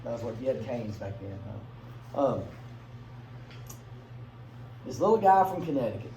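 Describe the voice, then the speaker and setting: A man's voice: medium pitch, sing-song, dark tone. A man teaching a class in a casual, conversational way, asking his students questions and briefly acting out voices. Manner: conversational, asks the class questions, acts out quick bits in funny voices. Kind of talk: classroom lecture. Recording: echoey classroom from a distance, faint room noise.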